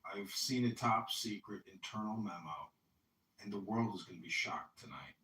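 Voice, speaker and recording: A man's voice: on the low side, moderate pace, roomy sound, recorded from a distance, slight background noise, low-quality recording. A man hosting a casual chat on an audio app, upbeat and full of slogans. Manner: upbeat, greets loudly, speaks in slogans. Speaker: podcast host and political candidate.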